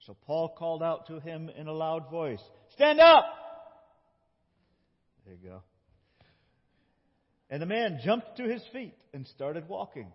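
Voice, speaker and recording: A man's voice: a little high, normal speed, hardly any pauses. A male pastor giving a playful children's sermon, guiding kids as they act out a scripture story. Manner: playful, animated, talks with children. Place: church sanctuary. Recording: dull recording in a big reverberant church.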